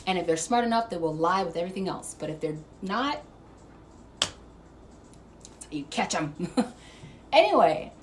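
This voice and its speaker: A woman vlogger telling a story to camera, animated and profane, laughing as she goes. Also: on the low side, normal speed, long pauses, background noise. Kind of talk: casual storytime monologue.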